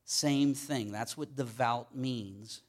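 A man's voice: mid-range voice, slow, darkish tone. A middle-aged man from Pittsburgh with a Pittsburgh accent, preaching a sermon in a conversational way and often checking in with "okay?". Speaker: pastor.

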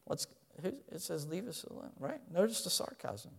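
A man preaching a sermon in an animated way, rising loud and then dropping quiet, asking his listeners questions. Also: a little high, moderate pace, gravelly. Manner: asks the audience questions. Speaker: pastor.

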